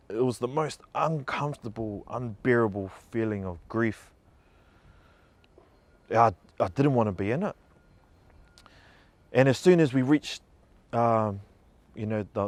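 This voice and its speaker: A man's voice: on the low side, darkish tone. A man giving an emotional personal testimony, earnest and heartfelt, growing passionate. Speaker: speaker telling a story.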